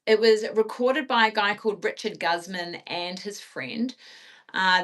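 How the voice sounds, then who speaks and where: Woman cohost on a live stream, bright kinda sharp voice, rambly with loads of ums. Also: mid-range voice. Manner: chatty, full of ums and uhs. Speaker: podcast co-host. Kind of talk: casual livestream chat.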